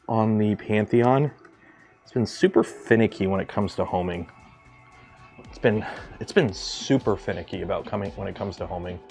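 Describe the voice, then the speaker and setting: A man from Canada hosting a casual maker livestream, rambling and joking as he works, swearing now and then and talking to his machines in a home workshop. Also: on the low side. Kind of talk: casual livestream chat while building.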